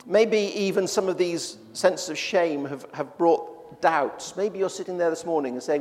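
A man's voice: on the high side, a little slow, hardly any pauses, a little mellow, big-room sound, faint music behind. A man preaching a sermon in a church, talking in a conversational way with frequent restarts.

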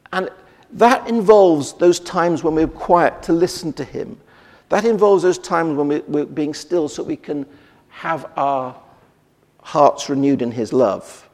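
A man's voice: fairly high pitch, a little mellow. A man preaching a sermon in a conversational way, with many restarts and rhetorical questions. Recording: long reverb of a church hall.

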